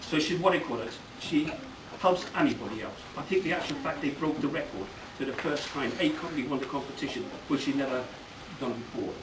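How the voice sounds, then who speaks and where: A middle-aged man giving a rambling, joke-filled father-of-the-bride speech at a wedding reception, breaking into loud bursts of praise. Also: on the high side, a little fast. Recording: echoey hall, from far off, loud background noise.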